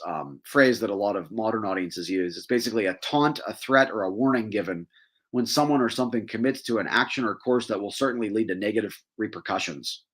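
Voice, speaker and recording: A man with a lowish voice hosts a casual teaching talk. He reads passages aloud and breaks in with wry, conversational asides and small laughs. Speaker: podcast host.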